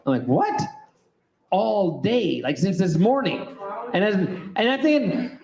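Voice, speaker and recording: A man's voice: high voice, animated, moderate pace, darkish tone. A man doing a rambling, self-deprecating stand-up set on a club stage. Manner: rambling, self-deprecating storytelling with lots of ums. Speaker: stand-up comedian. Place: comedy club stage with audience. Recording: roomy club sound.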